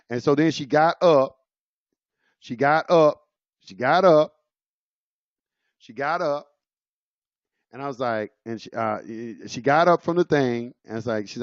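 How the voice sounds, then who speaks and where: A man's voice: medium pitch, normal speed, no echo. Rambling man telling a story, dull audio. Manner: rambling, loose and conversational, many fillers and restarts. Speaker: presenter. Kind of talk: casual storytelling.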